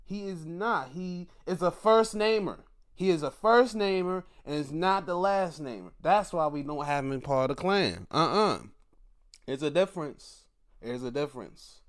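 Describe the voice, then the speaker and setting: A man reviewing wrestling shows in casual commentary, excitable and profane, often putting on mock outrage. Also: fairly high pitch.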